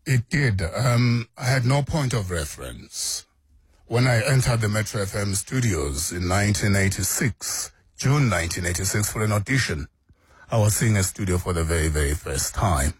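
A man in his fifties speaks in a very low, husky voice. His answers are slow, measured and earnest, broken by 'uh' pauses, and his voice sounds dry and close to the mic. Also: animated, no room sound. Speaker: veteran radio broadcaster, guest.

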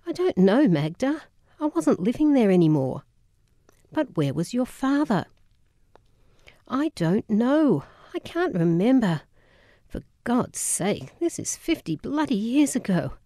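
A woman's voice: a little high, very animated, unhurried, mellow, no room sound, studio quality, pitched above the performer's own voice. A woman voicing an impatient, exasperated elderly aunt in a memoir audiobook. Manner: exasperated, emphatic.

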